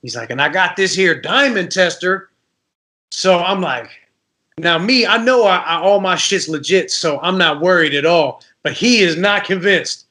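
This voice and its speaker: A man's voice: high-pitched, normal speed. A man from Detroit, a rapper guest, telling stories in a casual podcast interview and acting out the voices of people in them. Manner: animated storyteller, acts out voices.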